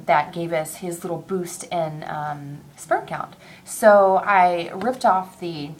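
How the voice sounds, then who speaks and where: A woman in her thirties talking openly in a casual personal video diary, rambling a little and quick to get teary. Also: mid-range voice, slight background noise. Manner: chatty, candid, excitable, quick to tear up; rambling with many ums and restarts. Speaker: vlogger.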